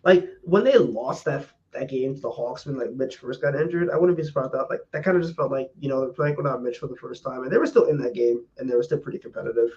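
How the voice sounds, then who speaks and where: A man co-hosting a casual sports podcast, rambling and halting with many fillers as he gives his opinions. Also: mid-range voice, a little mellow. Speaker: podcast co-host. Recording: dull lo-fi mic with faint noise.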